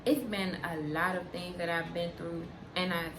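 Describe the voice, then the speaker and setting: A young woman vlogger chatting candidly to camera, unhurried and frank, repeating her points for emphasis. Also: fairly low pitch. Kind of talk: candid casual chat to camera. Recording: roomy sound with steady background noise.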